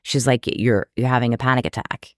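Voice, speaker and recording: Woman guest, lively storyteller; smooth, clear voice, dry close mic. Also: rumbling low, fairly quick, no room sound. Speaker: psychotherapist guest. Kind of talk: casual storytelling interview.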